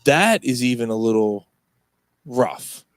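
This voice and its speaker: This podcast co-host has a medium-pitched, animated voice and takes his time. He rambles through stories in a casual, pub-style chat, swearing often and using plenty of fillers, and the recording is dry.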